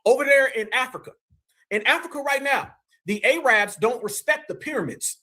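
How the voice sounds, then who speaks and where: Streamer guy from Ohio, high voice, preachy and emphatic, talks straight to his chat. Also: normal speed, sharp tone. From Ohio, USA. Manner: preachy, emphatic, keeps calling the audience "fam" and "family". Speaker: live-stream commentator. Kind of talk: live-stream commentary.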